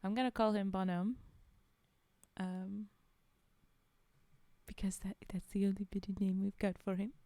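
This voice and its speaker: A woman's voice: medium pitch, flat delivery, a little slow, pauses often, dark tone, no echo. A woman streamer reading a story aloud and reacting with playful, giggly asides.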